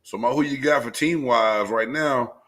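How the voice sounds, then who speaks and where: A man co-hosting a casual sports talk show, excitable and prone to shouting when worked up. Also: medium pitch, moderate pace. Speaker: co-host.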